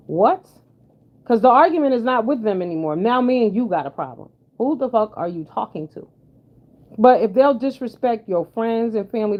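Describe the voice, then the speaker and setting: A woman giving blunt, sassy, profane commentary in casual chat with her viewers. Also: mid-range voice. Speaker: commentary vlogger. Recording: dull lo-fi sound.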